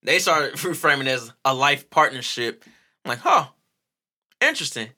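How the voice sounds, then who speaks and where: A man co-hosting a casual chat, animated and profane, laughing often and acting out quotes. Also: medium pitch, normal speed.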